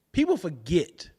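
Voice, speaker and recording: Lively, laid-back man co-hosting a podcast. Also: breathy edge. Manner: laid-back, drops to a low murmur, bursts into loud laughing shouts. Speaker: podcast co-host. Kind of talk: casual chat.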